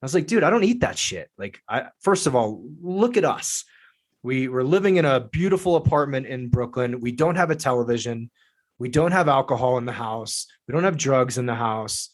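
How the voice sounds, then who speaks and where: A man telling a story as a podcast guest, lively and profane. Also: medium pitch, normal speed. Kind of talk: casual storytelling.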